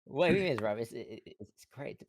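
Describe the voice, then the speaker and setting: A man's voice: mid-range voice, animated, fast, slight background noise. A man who is a guest on a casual stream, joking, making puns and laughing along with the host. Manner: playful, punning, laughing. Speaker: VTuber guest.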